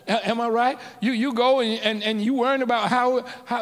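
A pastor with an extremely high, steady, fairly bright voice preaches a little slowly, leaving long pauses. In the reverberant church sanctuary, he calls out to his congregation in rising and falling call-and-response waves.

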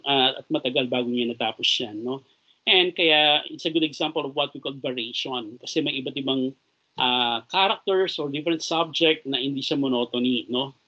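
A man with a Filipino accent delivers a recorded lecture, mixing English and Tagalog. His voice is bright and somewhat husky, a touch higher than most men's. He keeps tagging phrases with a questioning "no?", and the recording sounds dull and lo-fi. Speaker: teacher.

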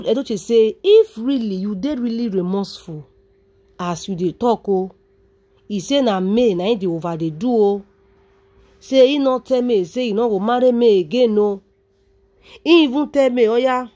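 Nigerian woman, gossip vlogger, mid pitch, dramatic and chatty to camera. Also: a little mellow. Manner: dramatic, addresses viewers directly, drawn-out sighs. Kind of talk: Nigerian Pidgin gossip commentary.

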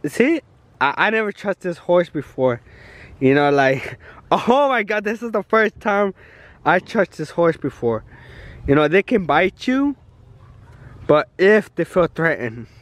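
A young man vlogging casually at a family party, slangy and excitable, tipsy, mixing in Spanish words. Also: high voice, a little slow, pauses often. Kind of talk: casual vlog chat. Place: outdoors at a family party on a ranch.

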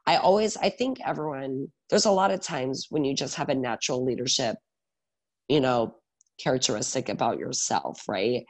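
Animated man in his thirties, storytelling. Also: medium pitch, normal speed. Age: 30s. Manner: energetic, animated storytelling with many filler "like" and "right?". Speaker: guest, salon owner and educator. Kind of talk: casual podcast interview.

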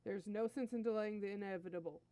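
A woman's voice: medium pitch, fast talker, warm tone, dry recording, lightly acted. A woman voicing a bumbling, burly male alien minion who stammers and whines in fear, in a fan fiction story reading. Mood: anxious. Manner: stammering, fearful whining.

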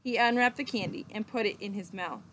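A woman teacher reading a children's book aloud, slow and expressive with dramatic pauses. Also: medium pitch, slight background noise.

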